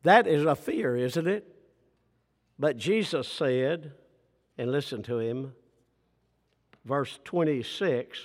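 High-voiced older male preacher. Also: very animated. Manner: slow and emphatic, with sudden drops to near-whispers and rhetorical questions. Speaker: pastor. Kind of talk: sermon. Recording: reverberant hall.

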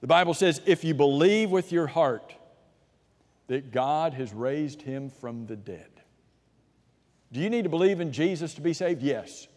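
A man's voice: a little high, animated, a little slow. Emphatic preacher man in a reverberant hall. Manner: emphatic, swings between loud and hushed; asks and answers his own rhetorical questions. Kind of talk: sermon.

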